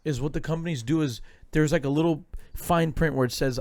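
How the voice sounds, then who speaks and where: A man's voice: fairly high pitch, brisk, darkish tone. A young man co-hosting a podcast in casual, joking chat, slipping into mock intros and voices. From Indian heritage. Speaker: podcast co-host.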